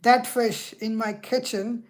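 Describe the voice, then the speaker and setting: A woman hosting a casual chat, speaking slowly and repeating words. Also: on the high side, fairly even intonation. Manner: slow, drawn-out speech with repeated words. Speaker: video host.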